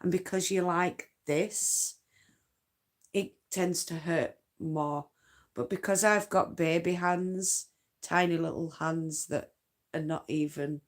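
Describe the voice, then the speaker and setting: A woman with a Yorkshire accent, chatting in a loose, rambling way on a late-night livestream from home. Her voice sits a little low, and she takes her time with each thought. Dialect forms slip into her everyday talk. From North Yorkshire, England. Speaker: craft livestream host. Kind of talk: casual late-night live chat.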